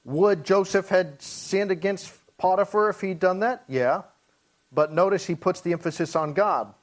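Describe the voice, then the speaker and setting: A man with a fairly high voice leads a church Bible study. He reads verses slowly and deliberately, then breaks them down in plain conversational speech. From Hawaii. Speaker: pastor teaching Bible study.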